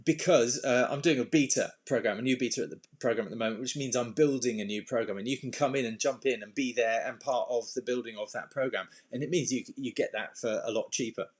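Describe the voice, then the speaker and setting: A man talking casually as an anxiety coach, his voice sitting at an ordinary middle pitch. He rambles through restarts and fillers in an informal way, with the odd sudden, playful burst. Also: fast, hardly any pauses. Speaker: anxiety and self-esteem coach. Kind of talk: casual talk to camera with slides.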